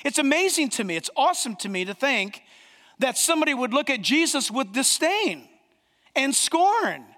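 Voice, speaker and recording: High-voiced preaching pastor in a reverberant hall. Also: male voice, sing-song, a bit bright. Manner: emphatic preaching with dramatic pauses. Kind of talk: sermon.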